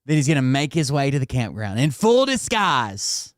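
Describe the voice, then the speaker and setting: Speaking at a normal speed with a medium pitch that swings widely, a Tennessee man runs a reaction commentary show. He mocks the clips he plays in a casual, sarcastic, profane way, and the clean studio recording has no room sound.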